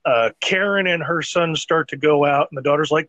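A man's voice: on the high side, normal speed, hardly any pauses, bright, forceful tone, dry recording, dull audio. A man hosting a podcast, recapping a TV episode in casual, rambling, profane chat with laughs. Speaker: podcast host.

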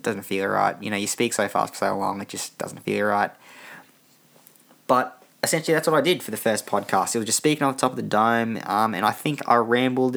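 A man's voice: lowish voice, creaky, fairly bright tone. A young man hosting a casual solo podcast, tired and rambling with many restarts. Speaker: podcast host.

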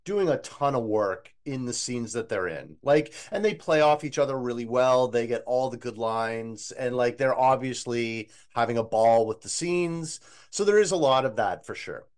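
A man co-hosting a podcast, reviewing an eighties movie in casual chat, opinionated and animated. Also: mid-range voice, moderate pace, few pauses. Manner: animated, opinionated, quotes scenes in a put-on voice. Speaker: podcast co-host.

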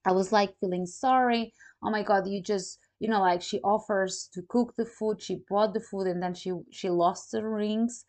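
A woman vlogger chatting casually to camera, telling a personal story in animated, non-native English full of "you know, like.". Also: mid-range voice, moderate pace, hardly any pauses. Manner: animated, acts out quoted dialogue.

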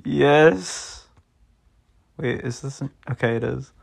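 A young man rambling to his viewers in an unhurried, drawn-out way. He keeps dissolving into giggles and peppers his talk with swearing. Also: mid-range voice, steady tone. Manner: giggly, keeps breaking into laughter; swears freely. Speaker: vlogger. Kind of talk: casual rambling commentary.

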